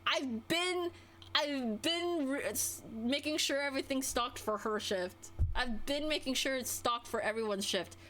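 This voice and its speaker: A woman's voice: a little slow, sharp tone. A young adult woman streamer ranting casually, exasperated, her voice swinging up and down as she vents. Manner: exasperated, venting, with wide pitch swings.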